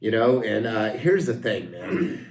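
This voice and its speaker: A man's voice: fairly low pitch, lively intonation, measured pace, echoey room, a crowd in the background. A man co-hosting a casual podcast, chatting, laughing often and telling jokes. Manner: laughs often, tells jokes with put-on voices. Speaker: podcast co-host.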